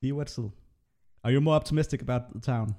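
A man's voice: medium pitch, quick pace, dark tone. A man hosting a casual panel discussion, chatty and full of fillers, his voice run through a voice changer. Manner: chatty, frequent fillers and laughs. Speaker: podcast host.

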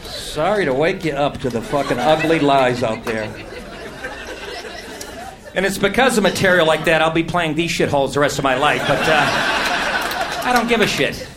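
With long pauses at a normal speed, a man with a voice on the high side works a comedy club stage with animated, brash, profane mockery. Audience laughter and crowd noise fill the noisy live recording.

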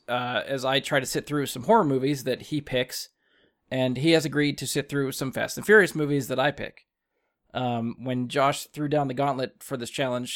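A man's voice: mid-range voice, a bit bright. A man hosting a podcast, chatting in a loose, jokey way with plenty of fillers. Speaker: podcast host. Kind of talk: casual podcast chat. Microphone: remote call.

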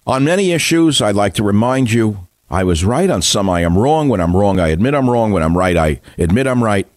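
Man, radio talk host, indignant and declamatory, low voice swinging widely, dry close sound. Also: sing-song, fairly quick, darkish tone, dry recording. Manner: indignant, declamatory, full of rhetorical questions. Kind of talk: radio monologue.

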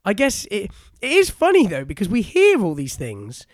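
A man's voice: sits high, wildly swooping pitch, moderate pace, dry recording, clean studio sound. A man in his twenties from the UK, co-hosting a podcast in casual chat, inquisitive and laughing often. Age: 20s. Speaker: podcast co-host.

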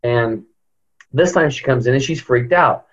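A man guest on a podcast telling a personal story in an animated way, often jumping into higher voices when he quotes people. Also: a little slow. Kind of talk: storytelling in an interview. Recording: dull lo-fi audio.

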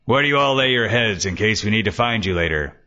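A man reading the part of a calm, fatherly police lieutenant with a placating, easygoing manner. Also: on the low side, fast. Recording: dull lo-fi recording.

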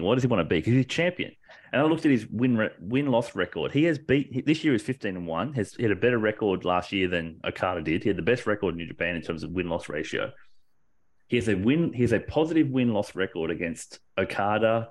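A man with a low voice in loose, excited conversation. He rambles, breaks off and restarts his sentences, and swears casually as he gets carried along. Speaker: podcast co-host. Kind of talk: casual wrestling discussion.

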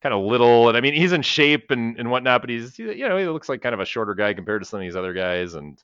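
A man's voice: medium pitch, lively intonation, quick pace, a bit bright, clean tone, dry recording, highs cut off. A man co-hosting a casual movie podcast, rambling, swearing and laughing often. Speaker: podcast co-host.

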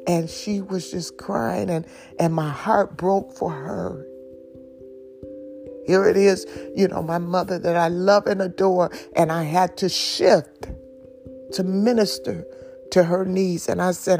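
A middle-aged woman sharing an emotional personal testimony, halting at times with soft laughs. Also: lowish voice, steady tone, creaky. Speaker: speaker giving testimony. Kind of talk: slow, heartfelt personal testimony. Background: faint instrumental music.

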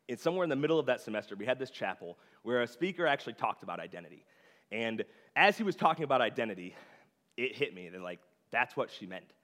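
A man's voice: mid-range voice, fairly bright tone. A young man giving a casual, conversational sermon, full of filler words, in a church sanctuary. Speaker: preacher. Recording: long hall reverb.

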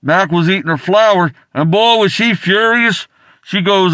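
A man on a call-in show, telling a story with many stumbles and "uh"s. His voice is fairly high for a man, and the sound is dry and close. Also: animated, a little slow, sharp tone, no room sound. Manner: rambling, stumbling, many restarts and fillers. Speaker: caller. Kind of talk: rambling anecdote.

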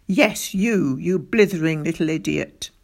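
A woman playing a stern, bullying male schoolteacher with a military past, who shouts and barks his orders. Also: mid-range voice, lively intonation, takes it slowly. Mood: barking. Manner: shouting, barking.

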